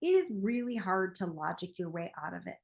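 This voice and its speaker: A woman's voice: lowish voice, very animated, a little fast, vocal fry. A woman in her forties, a self-help coach, talking casually and laughing often as she tells a personal story. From United States. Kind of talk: casual monologue.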